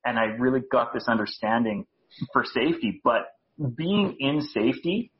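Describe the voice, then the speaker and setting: A Canadian man chats as a podcast guest, relaxed and self-deprecating, often breaking into a laugh. His voice sits in an ordinary middle range. The recording is a bit dull and lo-fi. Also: mid-range voice, normal speed. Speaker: guest, speaker coach. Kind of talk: casual podcast interview.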